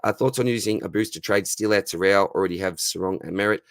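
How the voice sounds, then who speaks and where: A man in his thirties with an Australian accent, hosting a casual live Q&A, chatty and friendly, his voice going a bit hoarse. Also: low-pitched, fast talker, no echo. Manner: friendly, says "mate" constantly. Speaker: fantasy football livestream host. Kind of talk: casual live Q&A, reading chat questions.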